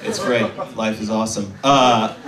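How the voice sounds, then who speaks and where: A man in his twenties doing a stand-up set, rambling and self-deprecating, often halting with fillers. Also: fairly low pitch, fairly even intonation, roomy sound, distant mic, crowd noise. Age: 20s. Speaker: stand-up comedian.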